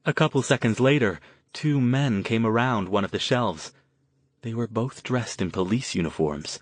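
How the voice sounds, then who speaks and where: A man reading an audiobook novel aloud in an even, measured way. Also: mid-range voice, no room sound. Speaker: audiobook narrator. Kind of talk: scripted narration.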